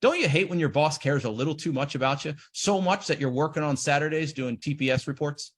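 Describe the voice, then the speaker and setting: A man giving an animated seminar talk on trading, acting out the inner voices of traders. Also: fairly high pitch, brisk. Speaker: trading educator.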